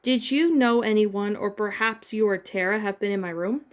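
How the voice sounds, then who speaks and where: A woman's voice: medium pitch, normal speed, lightly acted. Guarded teen girl sorceress, voiced by a woman, stern, snapping, fan-fiction reading.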